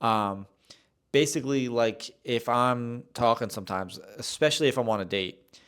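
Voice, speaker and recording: A man's voice: medium pitch, moderate pace, a bit bright, clear, resonant tone. A young man hosting a solo podcast, telling a rambling, self-deprecating story with many restarts. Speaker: podcast host.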